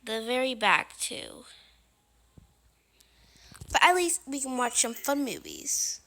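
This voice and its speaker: Woman narrating game role-play, high and bright, drawn-out delivery, dramatic and easily scared. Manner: dramatic, excitable, often frightened exclamations. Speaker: game player.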